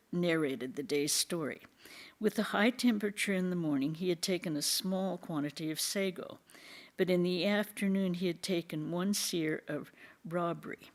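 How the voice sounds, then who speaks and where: A reader reading a devotional book aloud to a study group at an unhurried, measured pace. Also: mid-range voice.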